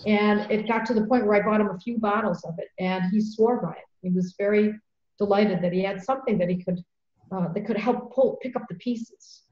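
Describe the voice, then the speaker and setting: A middle-aged woman hosting a podcast, telling a story in an earnest, animated way and repeating phrases for emphasis. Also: mid-range voice, fairly quick. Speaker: podcast host. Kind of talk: conversational storytelling. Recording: roomy, dull lo-fi sound.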